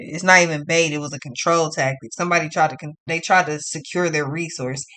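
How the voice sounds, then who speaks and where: A woman's voice: low voice, a bit bright, slight background noise. A woman giving a casual tarot reading, talking in a blunt, profane, ranting way. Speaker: tarot card reader.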